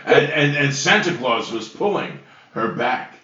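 A man's voice: mid-range voice, very animated, measured pace, pushed and bright. A man co-hosting a casual podcast, laughing often and reading a joke story aloud with hammy voices. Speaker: podcast co-host. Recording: distant, roomy, dull lo-fi sound with faint hiss.

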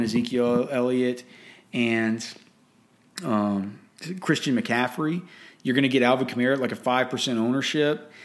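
A man giving casual fantasy football and betting commentary in a blunt, opinionated way, often restarting and repeating words. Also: medium pitch.

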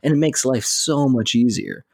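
A man's voice: mid-range voice, normal speed, crowd noise. A man co-hosting a podcast, talking bluntly and profanely in casual chat from Texas. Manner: blunt, profane, animated storytelling. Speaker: podcast co-host.

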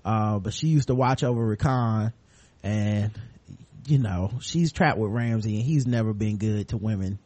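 A man's voice: fairly low pitch, moderate pace, darkish tone, no echo. A man co-hosting a podcast, casually retelling a TV episode and acting out the scenes in quoted voices. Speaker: podcast co-host. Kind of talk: casual chat recapping a TV episode.

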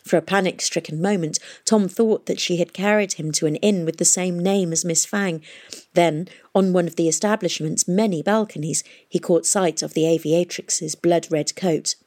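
Woman narrator, lowish voice, steady expressive storybook reading. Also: normal speed. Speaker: audiobook narrator.

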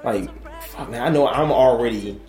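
A man's voice: medium pitch, moderate pace, a little mellow, roomy sound, some chatter behind. A man co-hosting a podcast in loose, crude banter, rambling and profane and laughing often. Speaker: podcast co-host.

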